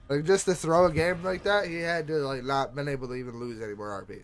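A young man chatting casually while gaming, excitable, swearing a lot and laughing often. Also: on the high side, brisk. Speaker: gamer streamer.

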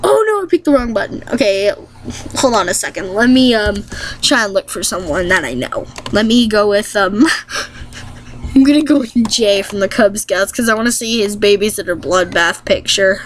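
A woman vlogger chatting casually to viewers while playing a game, reading questions aloud quickly, answering them and laughing often. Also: medium pitch, animated, poor audio.

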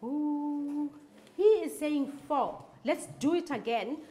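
High-voiced woman teaching phonics. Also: lively intonation, a little mellow, slight background noise. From South Africa. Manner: slow, repetitive, drawing out words while clapping. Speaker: foundation-phase teacher. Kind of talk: phonics lesson for young children. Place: classroom.

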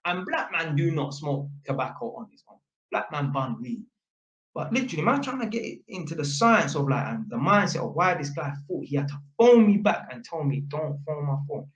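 A man's voice: on the high side, very animated, moderate pace, fairly bright tone, highs cut off. A young man, an electrician, casually telling a work story from his home, full of slang and tag questions. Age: young adult. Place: home, sitting at a small table. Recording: echoey room.

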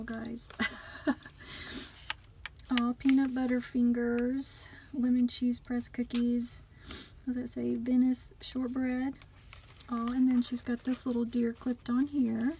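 A woman chatting casually as she unboxes craft gifts on her vlog, gushing with delighted exclamations and often dropping to a soft, near-whispered voice. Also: fairly high pitch, noisy background. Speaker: craft vlogger unboxing a gift swap.

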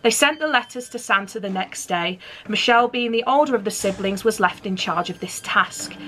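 A woman's voice: medium pitch, normal speed, fairly bright tone. A woman hosting her channel, reading a Christmas story aloud with playful, chatty asides to her listeners.

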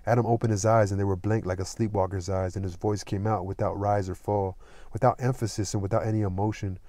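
A man reading a classic novel aloud as an audiobook narrator, in a plain steady way. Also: fairly low pitch, quick pace, no room sound. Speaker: audiobook reader. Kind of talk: scripted narration with light character voicing.

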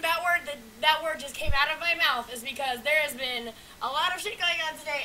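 Young woman vlogger, high bright voice, profane and loud one moment, mumbling the next. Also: a little hiss or hum, low-quality recording. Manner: profane, loud exclamations and muttered hums. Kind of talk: casual unscripted vlog chat.

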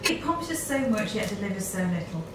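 A woman's voice: medium pitch, sing-song, fast talker, background noise. A woman chatting casually off-camera as a travel companion, making light, dry remarks. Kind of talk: casual chat.

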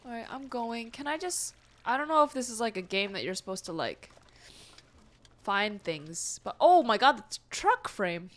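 High, lively young woman gaming host. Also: normal speed. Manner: easily startled, talks to the game and chat, gasps and exclaims. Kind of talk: casual let's-play commentary.

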